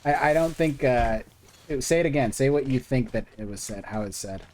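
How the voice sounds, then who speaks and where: A man streams a video game and talks casually throughout. He rambles and thinks aloud in an easygoing way, and his voice sits at a middling pitch. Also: animated, fairly quick, darkish tone, slight background noise. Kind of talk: casual gaming commentary.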